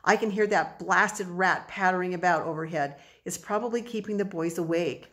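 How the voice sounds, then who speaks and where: A woman's voice: fairly low pitch, normal speed, fairly bright tone, lightly acted. A woman reading the part of an irritated father who grumbles, in a storybook.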